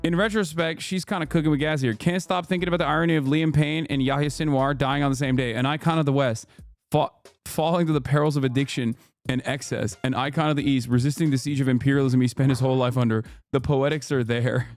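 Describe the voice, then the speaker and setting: A man in his thirties giving sarcastic, incredulous livestream commentary on posts, jumping to sudden high exclamations. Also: steady tone, fast, faint music behind. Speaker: streamer reacting to posts.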